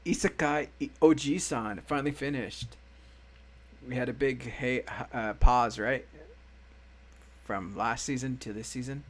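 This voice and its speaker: A man's voice: mid-range voice, a little slow, slight background noise. A man hosting a casual anime review chat, talking loosely and laughing often. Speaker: podcast host.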